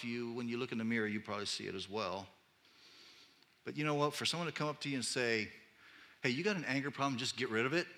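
A male pastor giving a conversational, animated sermon that swings between quiet asides and loud outbursts. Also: fairly high pitch.

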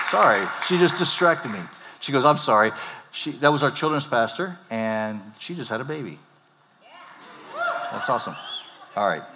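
A male pastor preaching a sermon, animated and acting out the disciples' lines in character voices. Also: mid-range voice, noisy background. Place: church sanctuary. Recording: long hall reverb.

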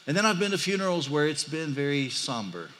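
A man's voice: on the high side, very animated, fairly quick, fairly bright tone, a little hiss or hum. A man preaching a sermon in an earnest voice that swells and drops with emotion, often restarting his phrases. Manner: earnest, rising and falling with emotion, frequent restarts. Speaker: pastor.

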